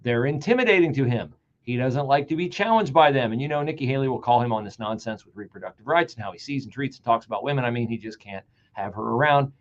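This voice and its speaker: A man hosting a political talk show, delivering an animated, sarcastic and emphatic monologue. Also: mid-range voice, fast. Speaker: radio talk show host. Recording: dull lo-fi sound.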